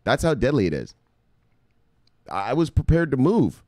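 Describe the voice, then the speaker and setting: A man's voice: mid-range voice, big pitch swings, moderate pace, a little mellow, dry recording, studio quality. A man hosting a crypto video, talking in a casual, profane hype monologue and repeating words for emphasis.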